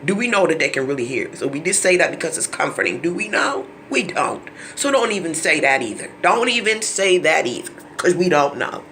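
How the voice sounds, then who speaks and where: Gravelly, bright-toned man pleading to camera. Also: on the high side, big pitch swings, a little fast, a little hiss or hum. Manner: preachy and pleading, drops to hushed near-whispers; repeats words and stumbles when emotional. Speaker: vlogger. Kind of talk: impassioned monologue to camera.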